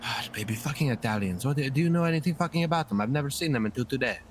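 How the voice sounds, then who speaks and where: A man talking in character in a roleplay game, swearing constantly and rambling excitedly through a story. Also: medium pitch, rapid-fire, a little hiss or hum.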